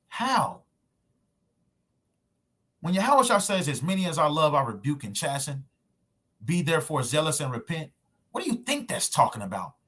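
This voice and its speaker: A man delivers a sermon to camera in a loose, emphatic street manner, firing off rhetorical questions. His voice sits a little high and has a husky, rough-edged tone. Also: fairly bright tone. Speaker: preacher. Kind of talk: street preaching sermon video. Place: at home recording himself with screen share.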